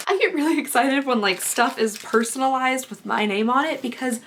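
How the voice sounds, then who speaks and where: A chatty young woman unboxing gifts, her fairly high voice a little rough because she is sick. She rambles freely and gets excited with every new item. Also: normal speed, hardly any pauses, noisy background. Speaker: unboxing vlogger. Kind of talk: casual unboxing chat.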